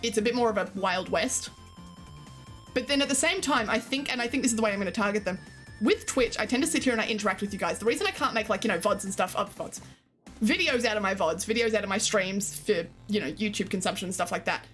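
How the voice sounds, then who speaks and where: A woman's voice: medium pitch, quick pace, a bit bright, soft background music. An Australian woman streaming, chatting casually and giggling while she reads and answers her live chat. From Queensland, Australia.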